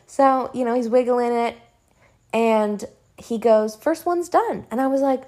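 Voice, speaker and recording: Young adult woman, casual home vlogger, chatty and animated storyteller, sprinkles in swearing. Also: a little high, a little slow. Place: home room.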